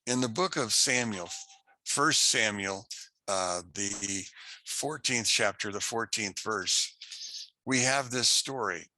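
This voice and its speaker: A man teaching an unscripted Bible class, telling a story slowly and haltingly with many restarts. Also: lowish voice, pushed and bright. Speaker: Torah teacher.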